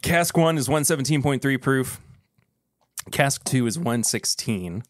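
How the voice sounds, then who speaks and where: An easygoing man co-hosting a whiskey podcast, his pitch rising and falling freely as he rambles through casual chat. He often trails off while searching for words. The sound is dry and close. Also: animated, measured pace, dry recording. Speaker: podcast co-host.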